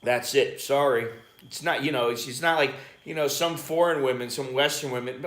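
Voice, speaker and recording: A man's voice: mid-range voice, normal speed, a bit bright. American guy rambling on a live stream, curses a bit, roomy echo. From United States. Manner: rambling, chatty, swears casually. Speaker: vlogger hosting a live stream. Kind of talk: casual chat. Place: home in Bangkok.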